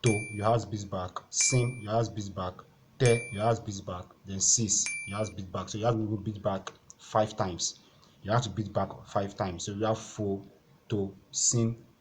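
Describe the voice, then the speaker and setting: A man with a fairly low voice leads an exam-prep lesson, walking through each step patiently and repeating the key points. A faint hiss of room noise sits under his voice. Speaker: teacher.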